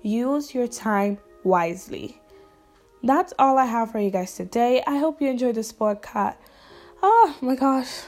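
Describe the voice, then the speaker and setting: A woman's voice: a little high, a little mellow, soft background music. A young woman hosting her own podcast, talking earnestly and encouragingly straight to her listeners in a casual solo chat. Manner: says she talks fast and runs out of breath. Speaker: podcast host.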